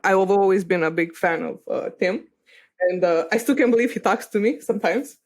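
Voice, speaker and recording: A woman's voice: mid-range voice, a little fast. A woman from Eastern Europe, a podcast guest, chatting candidly with a loose, casual manner and the odd swear word.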